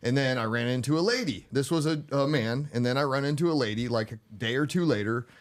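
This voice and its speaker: A man's voice: medium pitch, fast. A man co-hosting a talk show, telling a story casually and acting out the back-and-forth of a conversation. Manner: animated storytelling, acting out quoted exchanges. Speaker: co-host.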